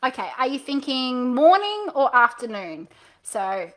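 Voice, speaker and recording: A woman coaching on direct sales during a live stream, upbeat and animated as she acts out booking calls with viewers. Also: high voice, measured pace. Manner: upbeat, animated coaching with playful role-play.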